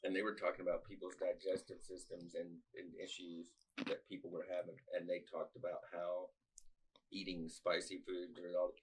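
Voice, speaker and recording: Low-voiced man rambling in casual chat. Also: monotone, normal speed, breathy edge, poor audio. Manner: rambling, jokey asides. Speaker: podcast co-host.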